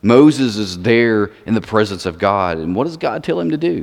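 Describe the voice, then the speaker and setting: A man delivers a sermon in a fairly low voice. He stresses key words by repeating them. The sound carries the long reverb of a large hall. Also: lively intonation, normal speed, gravelly. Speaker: preacher.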